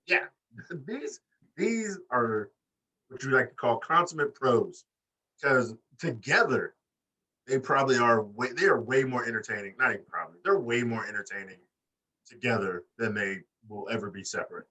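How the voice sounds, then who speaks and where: Animated, swearing podcast co-host, a man. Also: mid-range voice, normal speed, breathy edge, distant mic, low-quality recording. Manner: animated, swearing, mimics wrestlers in put-on voices. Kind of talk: casual chat.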